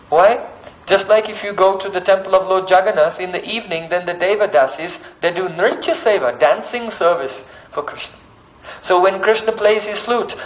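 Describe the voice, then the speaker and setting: A man's voice: sits high, poor audio. A man giving a devotional sermon, telling a sacred story, reciting verses and often checking in with listeners with a questioning "hmm?". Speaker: speaker giving a devotional discourse.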